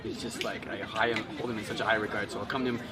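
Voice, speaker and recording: A man hosting a casual chat outdoors in a city, lively and self-deprecating, laughing as he talks. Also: fairly low pitch, quick pace. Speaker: host and voice actor. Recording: distant mic with street crowd.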